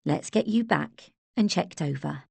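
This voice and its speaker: A woman voicing a kind, steady young nurse in an audiobook, speaking gently and reassuringly. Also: low-pitched, a little slow, creaky, breathy edge, no echo, exaggerated voice.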